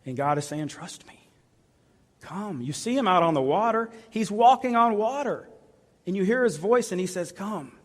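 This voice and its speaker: A male pastor delivers an earnest sermon in a slightly higher voice. He repeats his appeals and often drops to a soft, hushed delivery. The sound carries a long reverb from a large church hall. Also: lively intonation, brisk.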